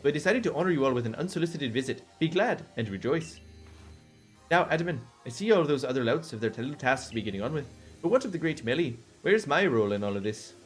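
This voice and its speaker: A man's voice: mid-range voice, expressive, fast talker, faint music behind, close to an everyday voice. A man doing Melly, a smug pompous clan leader. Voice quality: affected put-on accent. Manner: drawling, smug, belittling.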